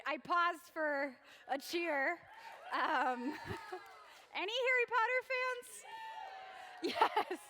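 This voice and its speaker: Young female youth pastor: upbeat and chatty, playful with the crowd, slightly high voice, long hall reverb. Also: a bit bright. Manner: bubbly, chatty, jokes with the crowd. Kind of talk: casual sermon. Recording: echoey church hall reverb.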